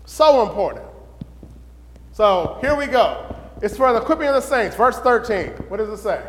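A man teaching a Bible lesson in sermon style, questioning the room and building to excited shouts. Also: sits high, normal speed, long reverb tail, slight background noise.

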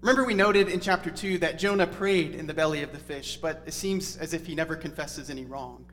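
A man's voice: on the high side, brisk, a bit bright. A man preaching an expository Bible sermon in a conversational, earnest teaching tone. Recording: reverberant hall with faint music.

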